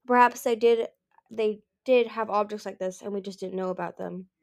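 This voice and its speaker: A woman voicing a smug, scheming ancient male dragon in a storybook reading, smooth and self-assured. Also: mid-range voice, steady tone, normal speed, a little mellow, natural voice.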